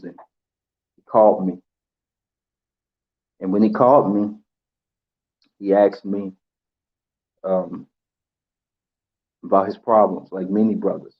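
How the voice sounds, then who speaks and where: A man giving an emotional tribute, halting with pauses and fillers as he holds back tears. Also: lowish voice, muffled recording. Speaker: channel host.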